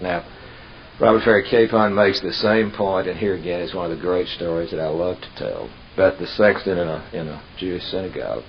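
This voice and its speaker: A man preacher giving a sermon, telling humorous stories in an unhurried, folksy way with emphatic pauses. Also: low-pitched. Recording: dull lo-fi tape with hiss.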